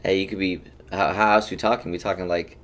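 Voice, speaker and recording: A young man with a lowish voice talks loosely to his live chat from a desk mic. He drifts from topic to topic, cracks jokes and calls out viewers by name as the stream gets going. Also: flat delivery, fast, a bit bright. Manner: rambling, joking, greets chat by name. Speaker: streamer and game coach. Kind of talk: casual livestream chat.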